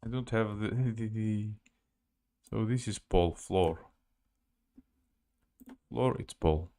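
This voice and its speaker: A man with a Russian accent teaching a live language lesson, halting and searching for words as he spells out letters. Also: on the low side, mellow.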